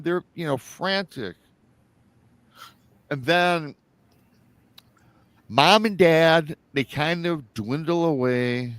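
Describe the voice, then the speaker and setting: A man's voice: on the high side, drawn-out words, long pauses, fairly bright tone, clear, resonant tone, dry recording. A man hosting a live show, retelling a listener's story in a rambling, casual way and acting out the quoted lines. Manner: rambling, repeats himself, acts out quoted lines.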